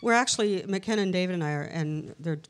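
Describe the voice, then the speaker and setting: Middle-aged woman guest, lower voice, animated anecdotal storyteller. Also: fast talker. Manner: chatty, tells anecdotes with lively quoted dialogue. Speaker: paranormal researcher and guest. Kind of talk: casual live interview storytelling. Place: historic castle hotel event room.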